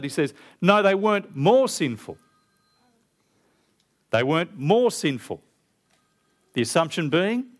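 An Australian man preaching a sermon, emphatic, with big animated jumps when he quotes. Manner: emphatic, rising to loud animated stresses and quoting Jesus with big pitch jumps.

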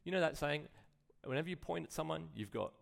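A man's voice: a little high, expressive, fast talker, vocal fry. A man preaching a sermon in a conversational way, full of rhetorical questions and acted-out quotes. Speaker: pastor.

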